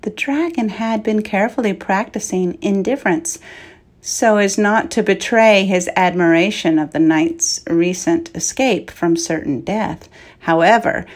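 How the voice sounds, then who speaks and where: A woman narrating a fantasy storybook in a measured, even manner. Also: on the low side. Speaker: audiobook narrator.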